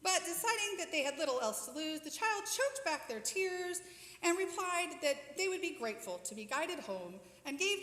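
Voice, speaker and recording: Expressive woman telling a story in church. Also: sits high. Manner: warm, expressive storytelling, inviting volunteers. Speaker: worship storyteller. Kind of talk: children's story time at a church service. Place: church sanctuary. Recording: echoey church hall with long reverb.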